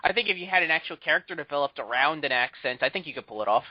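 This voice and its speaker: A man's voice: on the high side, animated, racing, no room sound. A man hosting a casual podcast, chatting and ranting with strong opinions. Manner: opinionated, ranting about films. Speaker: host. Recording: muffled lo-fi audio.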